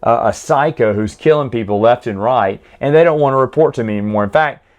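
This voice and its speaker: A man's voice: mid-range voice, brisk, dull audio. Man, mid-range voice, casual opinionated reviewer, loose and chatty delivery. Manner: chatty, opinionated, with frequent self-corrections. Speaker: book and comic reviewer.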